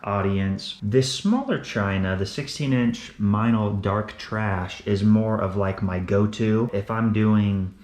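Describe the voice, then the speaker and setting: A man's voice: on the low side, slow pace, few pauses, darkish tone. A young man, a drummer, casually explaining his drum kit and cymbals, often repeating words as he goes. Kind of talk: casual gear walkthrough. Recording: echoey room.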